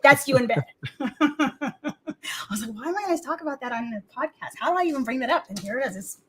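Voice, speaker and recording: A woman's voice: high voice, lively intonation, fast talker, slightly rough. A woman telling rambling, foul-mouthed stories in a casual comedic chat and acting out what others said.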